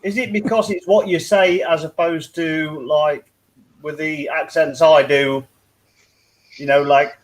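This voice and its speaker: A man's voice: on the high side, steady tone. A man from England joking and teasing his friends in a casual online chat. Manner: joking, teasing, quick to laugh.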